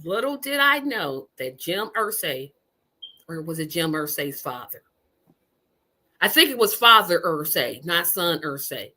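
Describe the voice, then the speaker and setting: Bright-voiced woman host in her fifties. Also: fairly low pitch, unhurried. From Indiana. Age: 50s. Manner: animated, emphatic, repeats words for effect. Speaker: podcast host. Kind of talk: casual chat.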